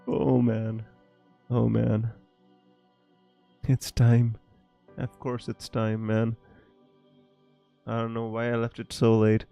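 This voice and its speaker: This is a man hosting a fantasy football live stream, talking casually to his chat. He is theatrical and quick to laugh, swinging into loud exclamations. Faint music plays in the background. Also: mid-range voice, vocal fry, dull audio. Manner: excitable, dramatic, laughs and exclaims often.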